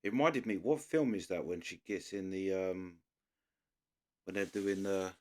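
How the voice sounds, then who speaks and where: A reaction channel host with a low voice rambles through casual commentary at a measured pace, searching for words, leaving thoughts half-finished, and using lots of fillers.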